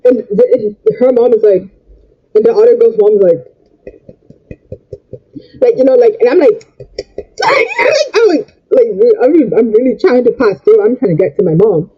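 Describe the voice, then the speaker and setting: A man's voice: very high-pitched, big pitch swings, normal speed, pauses often, slightly rough, lo-fi sound. A young man telling a storytime rant in an agitated way, repeating and stumbling over his words. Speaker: vlogger.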